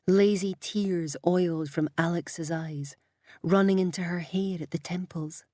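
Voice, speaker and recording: A woman reads a novel aloud in a measured, even manner. Her voice is husky and low, and the close mic gives it a dry, close sound with no room in it. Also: no echo. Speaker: audiobook narrator. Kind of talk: scripted narration.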